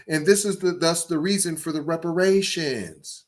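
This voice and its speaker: A man's voice: a little high, normal speed. A man with hosting a podcast, reading an article aloud and breaking off into emphatic commentary full of rhetorical questions. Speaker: podcast host.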